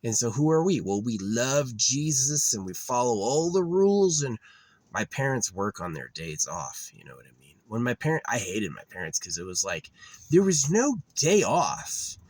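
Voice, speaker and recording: A man's voice: mid-range voice, big pitch swings, normal speed, a little mellow, no echo. A young man vlogging in a rambling, digressive monologue that drifts into rants, full of fillers.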